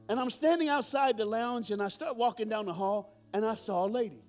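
A man's voice: high voice, brisk, few pauses, soft background music. A middle-aged man preaching a storytelling sermon to a live congregation, joking and calling out to the audience. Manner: animated, joking, calls out to the audience. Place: church hall with audience.

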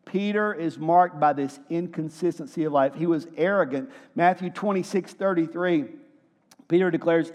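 A man preaching a sermon in a church hall, lively, asking his listeners questions and acting out quotes. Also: on the high side, a little fast. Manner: lively, asks the room questions and acts out quotes. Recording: long hall reverb.

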